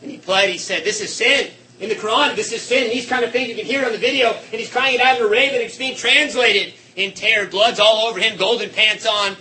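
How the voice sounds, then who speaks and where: A man preaching a sermon with passion, swinging between shouting and hushed, quiet tones. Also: high-pitched, quick pace, hardly any pauses, a little hiss or hum, poor audio.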